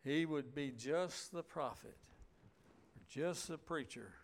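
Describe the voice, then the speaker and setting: Male preacher, sermon, reads scripture aloud, slightly high voice, unhurried delivery. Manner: slow and deliberate, reading scripture aloud; folksy, drawn-out emphasis on key words.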